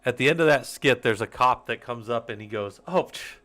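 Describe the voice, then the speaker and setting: Laughing a lot and cursing offhandedly, this Linux user group stream host, a man in his forties, rambles along to his audience. He speaks briskly in a mid-range voice with a sharp edge.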